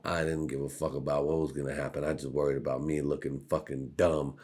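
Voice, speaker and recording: Rambling, profane man with a very deep voice. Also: little pitch movement, quick pace, a little mellow. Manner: rambling, profane, jokey, trails into put-on voices. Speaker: podcast host. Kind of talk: casual comedic monologue.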